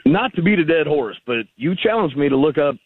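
A man's voice: on the high side, animated, fairly quick, breathy edge, no room sound. A man calling into a radio show, rambling and argumentative, heard over a tinny phone line. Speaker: caller. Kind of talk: call-in conversation.

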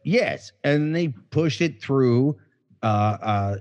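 A man's voice: medium pitch, lively intonation, slow, darkish tone, muffled recording. A drunk man co-hosting a casual podcast, swearing and rambling with slurred words. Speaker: podcast co-host.

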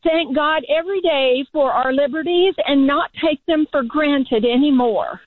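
A woman's voice: high-pitched, unhurried, no room sound. A woman calling into a radio show from outdoors, out of breath and hesitant with many fillers. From United States. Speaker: caller. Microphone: phone outdoors. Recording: tinny phone line.

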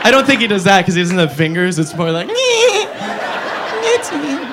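Man, stand-up comic, high lively voice, sneering, live club noise. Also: quick pace, over a noisy crowd. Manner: profane, mocking, laughs at own jokes. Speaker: stand-up comedian. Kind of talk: stand-up comedy set. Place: comedy club stage.

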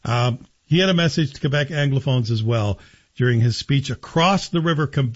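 Man, talk radio host, sarcastic, joking monologue, husky, lo-fi. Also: medium pitch, moderate pace.

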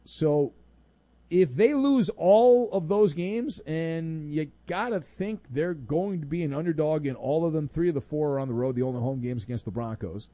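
A man's voice: on the high side, lively intonation, moderate pace, mellow, no echo. A man hosting a sports talk radio show, sarcastic and mock-exasperated with callers.

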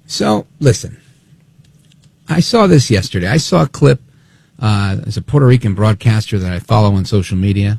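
Talk radio host, man, gravelly, dark husky voice, lively snide delivery. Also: fairly low pitch, dry recording. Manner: animated, snide, acts out quotes. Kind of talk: opinionated political talk radio.

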